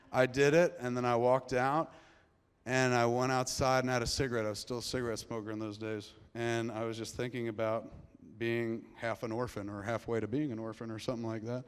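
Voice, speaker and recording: A middle-aged man tells a long personal story on stage, cursing freely as he rambles, sometimes sinking to a hush and sometimes climbing loud. His voice sits at an ordinary pitch for a man. A long hall reverb trails after every phrase. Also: clear, resonant tone. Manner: profane, rambling, swings between hushed and loud. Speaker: filmmaker telling a story on stage. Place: large theater before a live audience.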